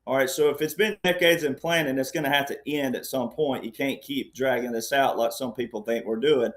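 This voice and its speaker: A man's voice: medium pitch, fairly even intonation, brisk. A man speaking as a panel guest in conversational political commentary, rambling and insistent, often checking in with "all right".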